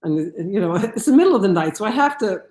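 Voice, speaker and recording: A woman giving a lecture, telling a personal story in an animated way with many restarts. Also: mid-range voice, fast, reverberant, slight background noise.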